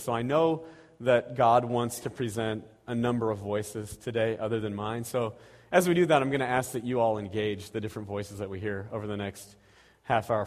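A man in his thirties or forties preaches in a relaxed, self-deprecating way, often restarting his sentences and chuckling at his own stories. His voice sits at an ordinary middle pitch for a man. The sound carries the long reverb of a church sanctuary. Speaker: lay preacher. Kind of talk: casual sermon with prayer.

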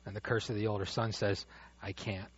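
A man preaching a sermon as pastor, animated, dropping to a hush and rising loud as he acts out the father's words. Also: fairly low pitch, fairly quick, husky. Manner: animated, swings from hushed to loud when quoting the father. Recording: dull dry lo-fi sound.

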